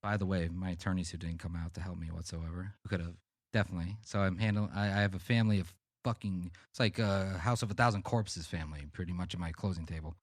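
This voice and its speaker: Low-voiced man telling rambling stories. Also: fast talker, no room sound, studio quality. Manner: rambling, profane, animated anecdotes. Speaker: podcast co-host. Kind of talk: casual storytelling chat.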